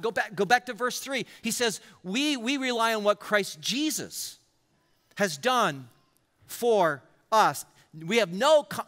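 A man preaching with energy, voice high and bright, repeating his points and quoting scripture. The sound carries the long reverb of a church hall. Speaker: pastor. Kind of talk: sermon. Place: church auditorium.

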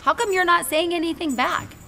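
A woman reading aloud and voicing a bossy, excitable little girl of about five, loud and emphatic. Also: very high voice, fairly quick, gravelly, slight background noise, pitched above the performer's own voice, heavily acted. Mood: excited.

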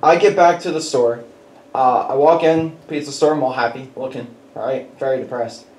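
A man preaching a conversational sermon, telling personal stories in an animated way and chuckling as he goes. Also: mid-range voice, moderate pace, distant mic. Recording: echoey hall with faint background noise.

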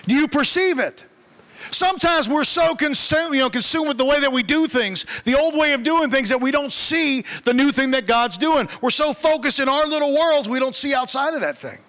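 Male pastor, high bright voice, casual joking sermon style, long reverb of a church hall. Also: fairly quick, few pauses. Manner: conversational, humorous storytelling. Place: church sanctuary.

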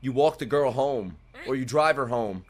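A man giving casual live reaction commentary while watching an anime, swearing freely and swinging between quiet muttering and loud outbursts. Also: medium pitch, moderate pace. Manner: excitable, profane, swings from muttering to shouting. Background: faint anime soundtrack music.

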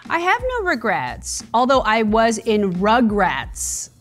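A woman's voice: a little high, huge pitch swings, takes it slowly, fairly bright tone. Reflective woman guest chatting. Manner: reflective, drops to a breathy whisper for emphasis. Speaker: guest comedian. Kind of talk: casual interview chat.

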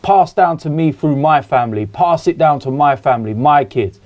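A man's voice: on the high side, expressive, moderate pace, lo-fi sound. A man from England in a casual podcast chat, talking bluntly and passionately and swearing freely. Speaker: podcast guest.

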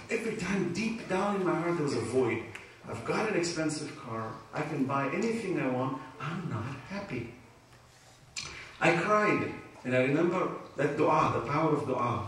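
A man's voice: a little high, moderate pace. A man giving an emotional religious talk in a community hall, telling personal stories with laughter. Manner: emotional, animated storytelling with laughter. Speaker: Islamic speaker. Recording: echoey hall, speaker far from mic, faint noise.

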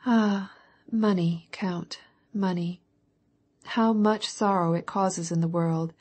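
A woman's voice: fairly low pitch, fairly even intonation, slow, darkish tone. A woman reading an audiobook voicing a stern older countess who speaks severely and sighs. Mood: sighing. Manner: severe, sighing.

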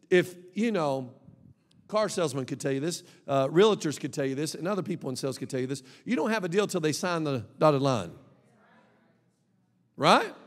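High-voiced man preaching in an echoey hall. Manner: emphatic, swings between soft asides and loud exhortation. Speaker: pastor. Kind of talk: sermon. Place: church sanctuary.

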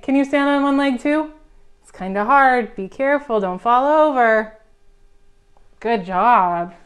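A woman reading a picture book aloud at a preschool storytime, gently coaxing the children with questions. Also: sits high. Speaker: children's librarian.

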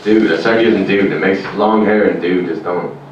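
An Irish man doing stand-up comedy in a rambling, deadpan way, on a comedy club stage. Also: deep voice, normal speed, highs cut off, a little hiss or hum. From Ireland. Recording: echoey club room, mic far off.

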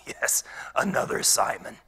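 A pastor playing a former rebel turned peaceful wood carver in a dramatic monologue, his gravelly voice often sinking to a whisper. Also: takes it slowly, slight background noise. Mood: sorrowful. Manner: storytelling that swings from hushed whispers to loud outbursts.

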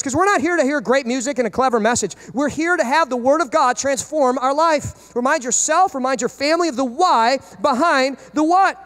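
A man's voice: very high-pitched, a little fast, few pauses, a bit bright. A man in his thirties preaching a sermon as pastor, emphatic and full of rhetorical questions.

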